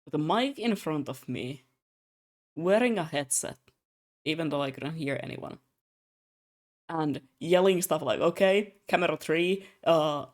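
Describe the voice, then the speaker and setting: Young animated streamer telling stories. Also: medium pitch, measured pace, long pauses. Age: young adult. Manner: animated storyteller, laughs often; rambling, many fillers and asides. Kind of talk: casual chat while drawing.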